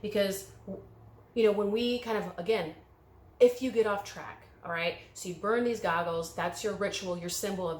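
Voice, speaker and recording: A woman's voice: mid-range voice, normal speed, roomy sound, slight background noise. A woman giving an emotional pick-a-card tarot reading, coaching viewers through a guided visualization. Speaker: tarot reader.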